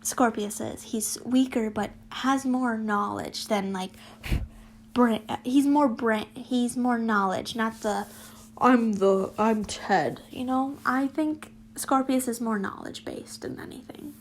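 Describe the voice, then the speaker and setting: A woman's voice: on the high side, a little slow, slight background noise. A young woman reading her fanfiction aloud, breaking off into rambling, giggly, self-deprecating chat and whispered asides. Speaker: fanfiction reader and vlogger. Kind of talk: casual story reading with chatty asides.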